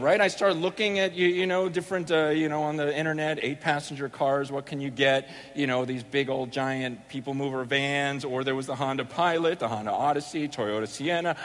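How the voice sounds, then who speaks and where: A man's voice: on the high side, a bit bright, in a large hall. A man preaching a sermon who opens with a personal story. He tells it in a rambling, self-deprecating way, with lots of restarts, and acts out his own thoughts for laughs. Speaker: pastor.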